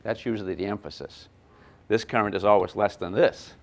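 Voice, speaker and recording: A man teaching a live physics workshop for teachers, animated and thinking aloud, poking fun at himself when he gets mixed up. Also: fairly low pitch, fairly quick. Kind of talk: live classroom lecture. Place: lecture room with a live audience of teachers.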